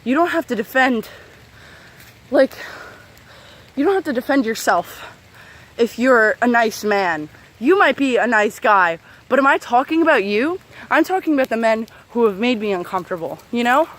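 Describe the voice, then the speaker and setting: A woman's voice: fairly high pitch, lively intonation, normal speed, a bit bright. A young woman ranting heatedly to camera as a vlogger, profane and sarcastic, with many fillers. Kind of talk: angry unscripted rant to camera.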